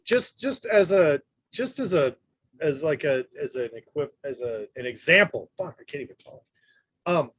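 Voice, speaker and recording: Animated man telling a story. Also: a little high, normal speed, slightly rough. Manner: animated storytelling, stumbles over words. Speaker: podcast co-host. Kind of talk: casual chat.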